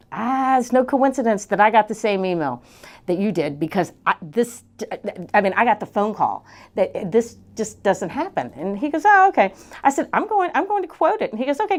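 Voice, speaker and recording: Animated woman telling a motivational story. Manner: animated, acts out quoted voices, jumps high on exclamations. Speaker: motivational coach.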